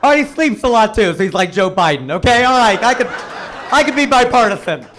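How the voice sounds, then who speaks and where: A man performing a stand-up comedy set, with animated punchline delivery and acted-out quoted voices. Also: high-pitched, a little fast, noisy background. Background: audience laughter.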